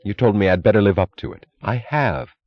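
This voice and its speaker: A man with a deep voice reading the lines of a determined woman railroad executive who pleads with restrained, precise words, recorded with a dull, dry sound. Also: a little fast, dry recording, close to an everyday voice. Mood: earnest.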